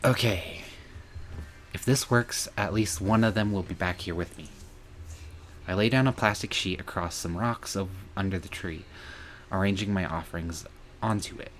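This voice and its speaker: A man's voice: low voice, moderate pace, slight background noise. A man streaming and reading a visual novel aloud, earnest and emotional, with some angry outbursts.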